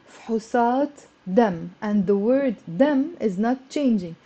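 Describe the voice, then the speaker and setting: A woman teaching Arabic on a live stream, chatty and encouraging, greeting viewers and drilling words slowly. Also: a little high, mellow. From Lebanon. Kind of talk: live-streamed language lesson. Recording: dull lo-fi stream audio.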